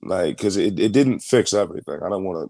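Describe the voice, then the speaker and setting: A man's voice: low-pitched, expressive, vocal fry, mellow, dry recording. A young man speaking as an interview guest, telling a personal story candidly, swearing freely and restarting phrases as he goes. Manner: fast, emphatic storytelling with profanity and many restarts.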